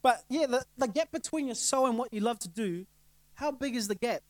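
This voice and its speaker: High-voiced pastor, chatty sermon. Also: male voice, lively intonation, brisk, no room sound, low-quality recording. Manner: conversational, laughs often, rhetorical questions. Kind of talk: casual sermon. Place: church.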